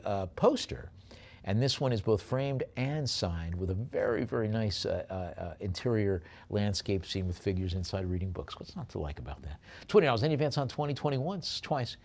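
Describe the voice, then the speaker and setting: An older man with a New York accent running a live auction, calling bids quickly and dropping joking asides between lots. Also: fairly low pitch. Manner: chatty, joking asides between rapid bid calls.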